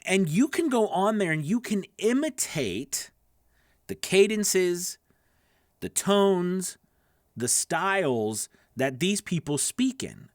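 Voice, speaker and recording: A man's voice: high-pitched, very animated, slow pace, no room sound, studio quality. A man coaching voice actors in a casual, conversational teaching talk with plenty of asides. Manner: conversational, lots of fillers and asides. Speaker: voice acting coach.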